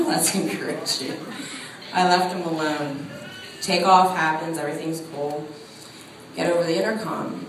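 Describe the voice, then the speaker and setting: A woman's voice: deep voice, a little slow, pauses often, slight background noise. A woman telling a funny spiritual story, laughing often as she speaks. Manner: animated storytelling with frequent laughter. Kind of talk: humorous spiritual talk. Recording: echoey room heard from a distance.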